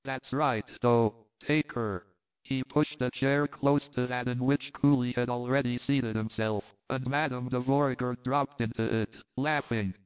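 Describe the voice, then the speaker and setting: A man's voice: medium pitch, level tone, normal speed, hardly any pauses, clear, resonant tone. A man narrating a novel, occasionally reading punctuation aloud. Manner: reads punctuation aloud at times. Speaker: audiobook narrator. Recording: tinny phone-like sound.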